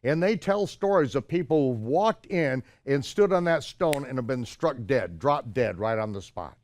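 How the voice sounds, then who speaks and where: An older man telling a personal story in an animated way, acting out the shouted exchanges in a higher voice. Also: moderate pace. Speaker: storyteller recounting his own travels. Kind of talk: anecdotal storytelling.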